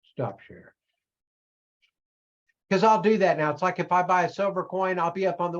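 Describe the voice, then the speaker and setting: A man coaching an audience in a loose live-streamed talk, animated and self-mocking, often slipping into other voices. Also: high-pitched, normal speed, pauses often, lo-fi sound. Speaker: online business coach.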